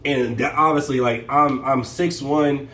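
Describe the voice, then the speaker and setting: A man casually telling a story, animated and full of fillers and restarts. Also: medium pitch, measured pace, echoey room, recorded from a distance, poor audio. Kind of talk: casual story time chat.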